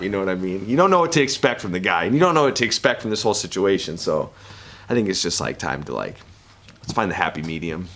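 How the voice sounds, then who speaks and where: Laid-back low-voiced man at media day. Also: fairly bright tone. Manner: casual, rambling, laughs often, frequent restarts. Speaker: professional fighter and analyst. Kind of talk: media interview answers.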